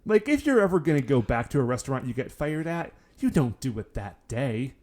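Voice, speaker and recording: A man's voice: medium pitch, sing-song, a little fast, darkish tone. A man co-hosting a podcast in casual, joking chat, often saying "like". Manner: chatty, many "like" fillers, joking. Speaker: podcast co-host.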